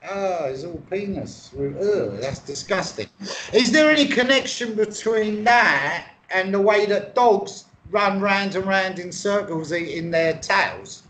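Giggly high-voiced English bloke. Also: male voice, lively intonation, takes it slowly, fairly bright tone, a little hiss or hum. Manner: playful, giggly, easily muddled. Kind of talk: silly comedy banter.

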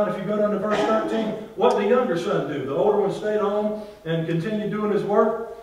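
A man preaching a sermon as pastor, drawing responses from the congregation and swinging between loud and hushed delivery. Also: high voice, fairly quick, a little hiss or hum. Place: large church hall. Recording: very echoey church hall, from far off.

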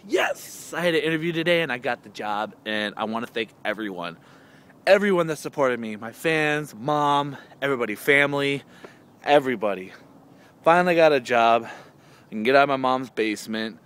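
A man rambles through a casual vlog recorded outside in his yard. His talk is loose and goofy, and now and then his voice jumps up high and excited when he calls to his cat. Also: brisk, smooth. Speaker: vlogger. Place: outdoors in a yard.

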